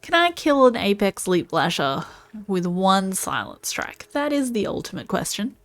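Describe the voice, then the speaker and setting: A woman's voice: mid-range voice, sing-song, normal speed, fairly bright tone, dry recording. A woman streamer giving casual gameplay commentary, musing and thinking aloud as she plays. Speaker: game streamer.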